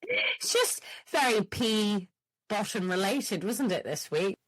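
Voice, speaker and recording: A woman's voice: mid-range voice, slow, no room sound. Woman telling a story. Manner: animated storyteller, frequent laughs, swearing. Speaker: podcast host. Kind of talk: casual chat.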